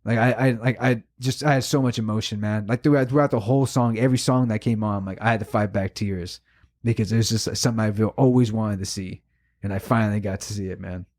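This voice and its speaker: A man co-hosting a podcast, telling a story in casual chat, emotional and animated, swearing a lot. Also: lowish voice, quick pace. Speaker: podcast co-host.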